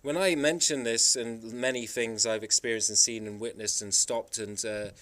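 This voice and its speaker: A man from the Isle of Man talks in a rambling, emphatic way, circling back and restarting as he tells his stories. His voice sits at an ordinary middle pitch with a smooth, resonant tone. He speaks like a casual vlogger addressing his viewers. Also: fairly even intonation, normal speed, a bit bright. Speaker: travel vlogger. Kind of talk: casual monologue.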